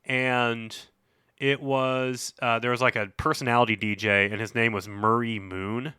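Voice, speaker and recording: A man in his forties co-hosting a board game podcast, rambling through a story with plenty of "like" and "you know". His voice is bright and sits in a middle pitch. The sound is close and dry. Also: level tone, unhurried, clear, resonant tone, dry recording. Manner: rambling storyteller with many fillers. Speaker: podcast co-host. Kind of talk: casual chat.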